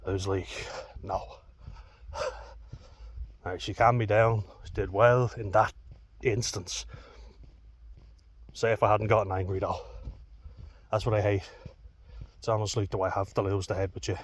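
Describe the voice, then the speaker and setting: A man's voice: on the low side, level tone, a little slow, long pauses, slight background noise. A young Irish man telling a personal story in a vlog, heated, candid and full of swearing. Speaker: vlogger.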